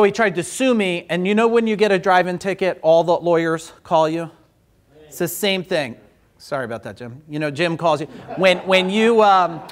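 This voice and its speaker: Animated, chatty workshop leader, a man. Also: fairly high pitch. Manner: animated, chatty, acts out voices. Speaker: business owner leading a workshop. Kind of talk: storytelling in a workshop.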